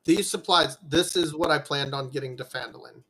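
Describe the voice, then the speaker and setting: A man voicing an earnest male merchant patron who bargains in a steady, insistent way. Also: fairly high pitch, brisk, vocal fry, full character voice, poor audio. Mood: firm. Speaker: game master.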